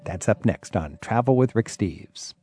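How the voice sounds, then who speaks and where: A man's voice: on the low side, expressive, a little slow, warm tone, faint music behind. A man hosting a radio travel show, reading a scripted intro and asking guests curious questions. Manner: curious, upbeat interviewer.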